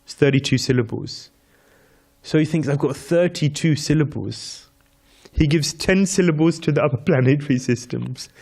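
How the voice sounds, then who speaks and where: In this devotional lecture, a man whose voice sits on the high side with a touch of mellowness narrates a story built on repeated counting. He also chants Sanskrit verses and laughs gently along with the audience.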